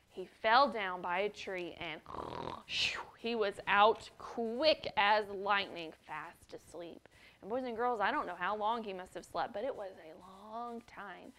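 A woman's voice: medium pitch, fairly bright tone. A woman teaching children's church, telling a story and often addressing the boys and girls directly.

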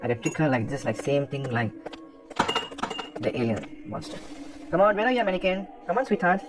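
A man commentating a horror game as he plays, excitable and taunting the monster, with some swearing. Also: a little high, a little fast, heavy background noise. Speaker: gaming commentator. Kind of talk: let's play commentary.

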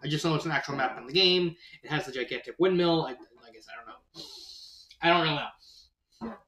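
A man's voice: on the high side, a little fast, bright, forceful tone. A man casually reviewing a fan story, rambling with many fillers and restarts. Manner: laughs at his own retelling. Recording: roomy echo.

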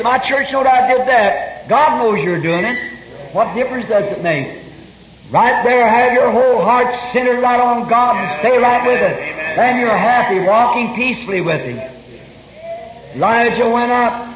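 A man preaching a fervent sermon, telling stories earnestly and breaking into shouts now and then. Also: extremely high pitch, lively intonation, measured pace. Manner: earnest storytelling, bursts of shouting. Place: church meeting hall. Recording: roomy lo-fi 1961 sermon tape.

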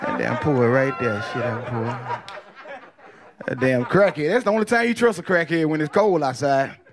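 A man doing a profane stand-up comedy set, telling loose stories with quick character voices. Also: mid-range voice. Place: comedy club stage with audience. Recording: loud crowd laughter behind.

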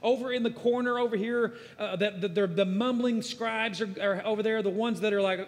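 Man, high-pitched voice, preaching a sermon, conversational with emphatic swells, reverberant church hall. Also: fairly even intonation, moderate pace, few pauses. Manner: conversational, builds to emphatic bursts then drops low and quiet. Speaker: guest preacher. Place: church sanctuary.

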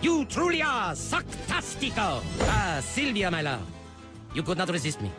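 Master Yo, a pompous chihuahua master. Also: male voice, sits high, wildly swooping pitch, moderate pace. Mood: lofty. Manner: grand, with Spanish words mixed in. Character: pompous old male chihuahua, kung fu master. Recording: cartoon dialogue with music behind.

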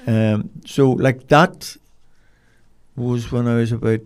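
An older man with a Northern Irish accent, telling rambling, animated stories as an interview guest. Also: mid-range voice, slow pace, clear, resonant tone. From Northern Ireland. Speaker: guest, dog trainer. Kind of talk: casual storytelling.

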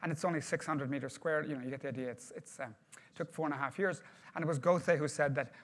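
A man's voice: fairly high pitch, fast. A man giving a project management workshop to a group, talking conversationally and putting questions to the audience.

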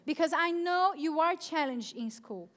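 A woman's voice: very high voice, expressive, a little slow, a bit bright. A young woman youth pastor preaching a live sermon at a church service, emphatic and repeating her key phrases.

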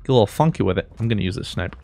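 A man doing let's play commentary, excitable and jokey, switching between mumbled asides and high-pitched yelps. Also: racing, gravelly, slight background noise. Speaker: gaming YouTuber.

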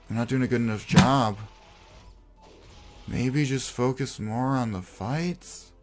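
A man giving melodramatic gameplay commentary, sighing heavily and lamenting in theatrical self-pity. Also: medium pitch. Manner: theatrical self-pitying despair with heavy sighs. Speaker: gameplay video creator.

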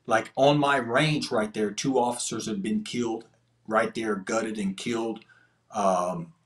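A man, a podcast guest telling an earnest testimony story in casual, slangy speech. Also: fairly low pitch. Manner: earnest, slangy prison storytelling with quoted dialogue.

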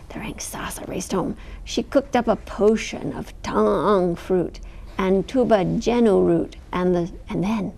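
Woman, storyteller, picture-book read-aloud, mellow, expressive. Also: mid-range voice, vocal fry. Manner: expressive, animated read-aloud with sound effects.

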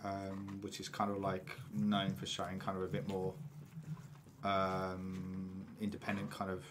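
English guy hosting a podcast, lowish voice, ums everywhere, rambles on. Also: completely flat delivery, a little slow, background noise. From England. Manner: rambling, full of fillers. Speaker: podcast host. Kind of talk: casual chat.

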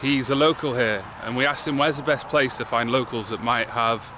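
A young English travel vlogger with an English accent chats casually and upbeat, speaking at normal speed in a mid-range, steady voice. He records outdoors and in a car, with outdoor noise and traffic audible.

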